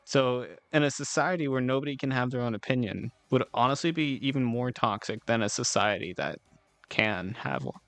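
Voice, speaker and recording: A man's voice: medium pitch, moderate pace, a bit bright, no echo. A man streaming and chatting casually with his viewers, rambling in a laid-back way, swearing now and then and giggling often. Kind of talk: casual chat with live chat.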